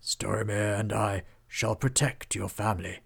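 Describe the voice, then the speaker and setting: A man's voice: lowish voice, steady tone, normal speed, creaky, a bit bright, slightly rough, heavily acted. A man voicing an elderly orc lord in a storybook reading, with a scratchy, aged voice that still carries authority. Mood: gentle. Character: elderly orc lord, kind but commanding.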